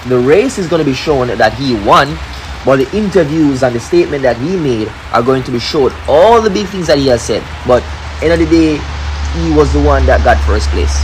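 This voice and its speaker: A man giving explanatory sports commentary in a measured, step-by-step way. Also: mid-range voice, noisy background.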